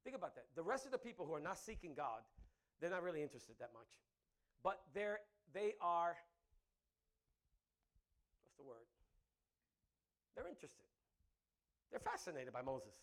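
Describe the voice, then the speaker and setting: A man preaching a sermon, swinging from loud emphatic bursts to quiet asides and laughing often. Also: a little high, sing-song, normal speed, pauses often. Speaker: pastor.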